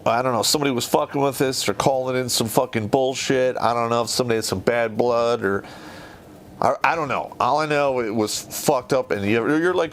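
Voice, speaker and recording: A man tells a long story in a loose, rambling style and swears constantly. His pitch rises and falls a lot as he talks. His voice sits at a middle pitch and he sounds conversational and unscripted. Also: fairly bright tone. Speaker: podcast host. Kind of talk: casual storytelling.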